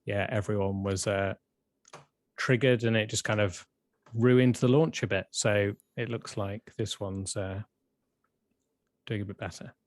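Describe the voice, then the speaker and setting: Relaxed man in dry sound. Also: fairly low pitch, measured pace, long pauses, no room sound. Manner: relaxed, laughs often, enthusiastic. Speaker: co-host and channel founder. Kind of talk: casual live-stream chat.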